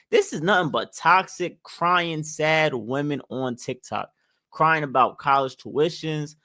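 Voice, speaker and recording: A young man with a slightly high voice lectures viewers on money, emphatic and preachy, hammering each point by repeating it. The sound is dry and close, with no room echo. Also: pushed and bright. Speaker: finance commentator. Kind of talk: opinionated direct-to-camera commentary.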